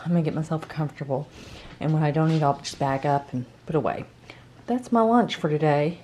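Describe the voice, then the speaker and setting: A woman with a slightly low voice talks through her gardening chores in a relaxed, upbeat vlog. She chats outdoors, with a faint background hiss. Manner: chatty, upbeat, narrating her own chores. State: out of breath after yard work. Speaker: gardening vlogger. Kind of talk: casual vlog narration.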